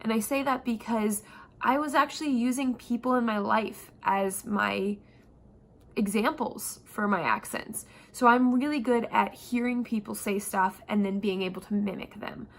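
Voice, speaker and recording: A woman's voice: fairly high pitch, normal speed. A young woman acting coach chatting casually to camera in an upbeat, self-assured way. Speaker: actor vlogger.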